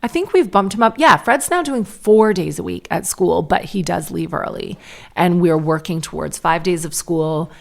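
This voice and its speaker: A woman's voice: fairly low pitch, lively intonation, moderate pace, creaky. A woman in her thirties hosting a podcast, telling a long family story in a chatty way, full of "like" and acted-out quotes. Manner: chatty, lots of "like", acts out quotes. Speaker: podcast host. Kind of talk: casual solo storytelling.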